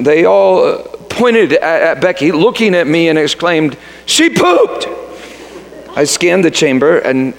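A middle-aged father telling a funny family story in an animated way, now and then putting on the voices of children. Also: medium pitch. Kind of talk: storytelling talk. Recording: reverberant hall.

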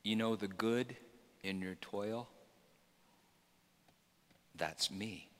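A man preaching a sermon, swinging from loud emphatic shouts to quiet, hushed lines. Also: fairly low pitch, extremely slow, big-room sound, a little hiss or hum. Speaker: pastor.

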